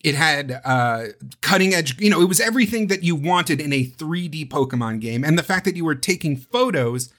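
A man hosting a casual podcast about video games, talking in an animated, rambling way and swearing freely. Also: on the high side, normal speed, few pauses. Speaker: podcast host. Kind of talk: casual chat.

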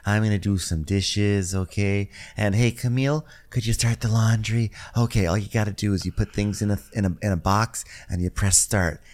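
A man voicing a brisk, bossy female yacht captain who talks down and over-explains. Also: fairly low pitch, fairly even intonation, a little mellow, natural voice. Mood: patronizing.

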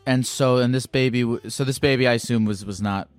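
A man's voice: medium pitch, fairly quick, no echo, soft background music. A man hosting a casual call-in show, asking easygoing, probing questions. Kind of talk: casual phone-in chat.

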